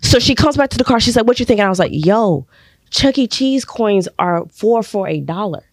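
A young woman from Texas, a podcast guest and actress, telling a personal story in an animated way and acting out other people's voices with sudden high jumps. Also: fairly quick, no room sound, studio quality. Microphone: studio podcast mic.

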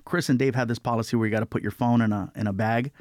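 Animated man telling a story. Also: medium pitch, very fast, no echo, studio quality. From California. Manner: animated, acts out other people's voices. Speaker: guest comedian. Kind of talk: storytelling in an interview.

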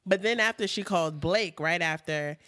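A woman co-hosting a casual chat about a reality show, with wry exclamations and quick agreement. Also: fairly low pitch, pushed and bright, dry recording, clean studio sound. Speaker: co-host.

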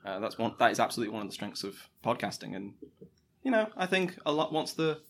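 A man's voice: mid-range voice, big pitch swings, quick pace, vocal fry, slight background noise. A man hosting an interview, asking easygoing questions and adding short agreeing remarks. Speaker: podcast host interviewer. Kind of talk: casual interview chat.

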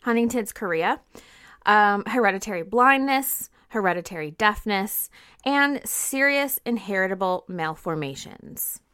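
Woman podcast host reading through notes, casual, little asides, middle pitch. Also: lively intonation, measured pace, pushed and bright, clear, resonant tone. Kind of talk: conversational history podcast.

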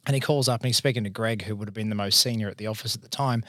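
A man's voice: on the low side, very fast, bright, forceful tone, no room sound, studio quality. A man in his thirties with an Australian accent, an accounting firm partner telling stories candidly and casually as a podcast guest, with some swearing. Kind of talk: casual storytelling in conversation.

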